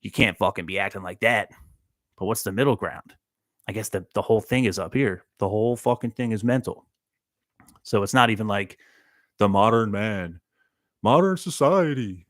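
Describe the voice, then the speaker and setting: Low-voiced man musing profanely. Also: normal speed, long pauses, no room sound, clean studio sound. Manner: profane, introspective, self-questioning. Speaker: host. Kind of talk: rambling solo livestream monologue.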